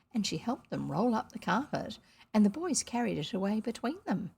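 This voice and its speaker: A woman from New Zealand reads a children's novel aloud, her voice mid-pitched with a husky, gravelly grain. Now and then she drops out of the story for casual asides about the pictures on the page. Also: big pitch swings, moderate pace, a little mellow. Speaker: storybook reader.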